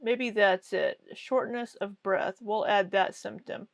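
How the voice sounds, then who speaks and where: A woman's voice: medium pitch, steady tone, takes it slowly, creaky, no room sound. A woman hosting a reaction commentary with a sarcastic, mocking way of talking. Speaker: commentary host.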